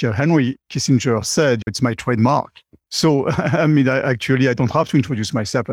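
A man's voice: mid-range voice, dry recording, studio quality. A middle-aged man, a chatty interview guest who fills his talk with "you know". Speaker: guest, company CEO. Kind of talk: conversational interview.

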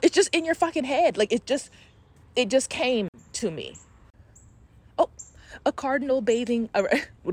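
A woman hosting a casual spiritual podcast, talking candidly and expressively with frequent swearing and reading aloud from her journal. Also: lowish voice. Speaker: podcast host.

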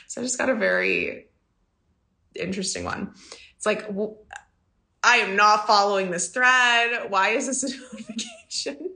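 Bright-voiced, chatty female business coach. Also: on the high side, very animated, normal speed. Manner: chatty, laughs often, emphatic. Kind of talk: casual podcast talk. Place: home in the country.

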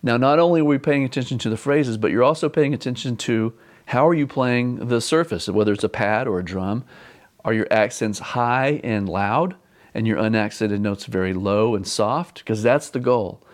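A man's voice: mid-range voice, moderate pace. Patient man teaching a drum exercise. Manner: patient, repeats instructions, counts beats aloud. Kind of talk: instructional lesson.

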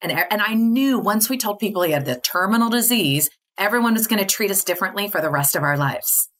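In a medium-pitched, slightly bright and expressive voice, a woman guest on a podcast briskly shares candid personal stories. She speaks earnestly and casually, peppering her talk with "like" and "you know" and repeatedly breaking into laughter.

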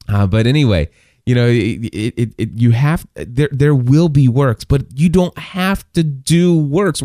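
A man's voice: mid-range voice, mellow, no room sound, studio quality. A man preaching a sermon in a casual, conversational way, with many restarts and bursts of passionate emphasis. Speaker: pastor.

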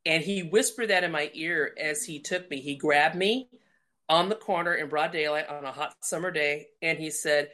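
A middle-aged woman from Colorado, appearing as a guest, shares a personal faith story and performs the voices within it. She speaks at a moderate pace in a deep voice, a lively storyteller acting out the quotes.

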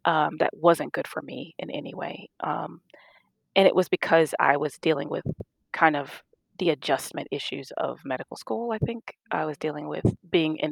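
A middle-aged woman doctor casually recounting stories in an interview, animated and laughing as she acts out dialogue. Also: deep voice, creaky, dry recording. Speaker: guest, physician.

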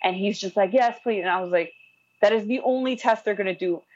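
A young adult woman telling a personal story in casual, animated talk, acting out the people she quotes. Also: mid-range voice, fast, muffled recording. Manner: animated, acts out quoted voices, frequent "like". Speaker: guest telling her birth story.

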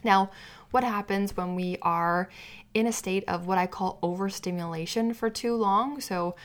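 A woman's voice: medium pitch, unhurried. A woman hosting a solo podcast as a weight-loss coach, explaining in an earnest, teaching way and sometimes acting out what a client's inner voice says.

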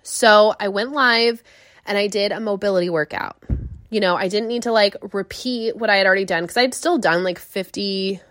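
Young woman fitness coach rambling on her podcast, chatty and animated, dry close sound. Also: mid-range voice, moderate pace, dry recording. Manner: chatty, animated storytelling with lots of fillers. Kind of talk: casual solo podcast chat.

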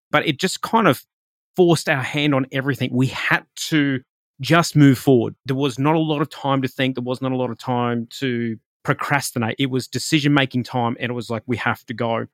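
An Australian man who hosts a podcast and works as a spiritual reader shares a personal story in a chatty, rambling style packed with fillers and restarts. His pitch is medium, and the recording is dry with clean studio sound.

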